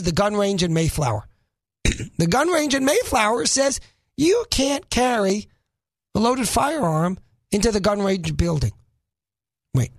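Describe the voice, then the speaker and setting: A man's voice: high-pitched, dry recording. A middle-aged man from the Northeast US hosting a radio talk show, delivering an opinionated monologue full of sarcastic, emphatic rhetorical questions.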